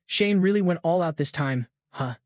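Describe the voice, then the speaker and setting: A man's voice: on the high side, expressive, moderate pace, a little mellow, no room sound, clean studio sound, natural voice. A man reading the lines of a weary, reluctant young male sorcerer who complains about attention.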